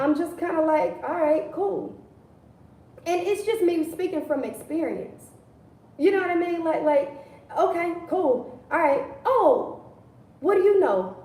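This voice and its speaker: A woman preaches in a casual, conversational manner on a livestream and keeps repeating her key phrases. Her voice is high and mellow. She is recorded from a distance in an echoing room. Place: indoors, livestream. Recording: echoey room, distant mic.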